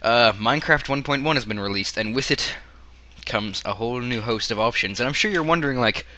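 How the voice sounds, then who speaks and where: A Canadian man with a hoarse voice, half losing it, rambling through casual game commentary with joking asides. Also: medium pitch, a little fast, sharp tone, slight background noise. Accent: Canadian English. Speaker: gaming video creator.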